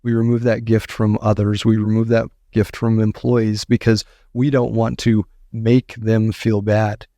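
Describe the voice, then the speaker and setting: Earnest, slightly gravelly male guest. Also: on the low side, level tone, a little slow, few pauses, warm tone, dry recording, studio quality. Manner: earnest, emphatic, repeats phrases for effect. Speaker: author and guest. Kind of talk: earnest interview storytelling.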